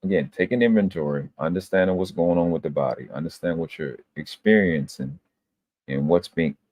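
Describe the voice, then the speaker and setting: Deep-voiced man, profane and lecturing. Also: a little fast, darkish tone, no echo. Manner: emphatic, lecturing, heavy swearing. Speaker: live stream host. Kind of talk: casual profane monologue.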